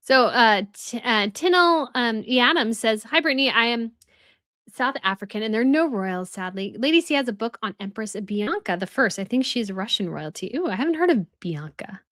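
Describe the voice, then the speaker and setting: A woman's voice: fairly high pitch, animated, moderate pace, fairly bright tone, dry recording, clean studio sound. Chatty woman hosting a live stream. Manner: chatty, thinks aloud with many "like" fillers. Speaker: host reading live chat. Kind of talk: casual live-stream chat.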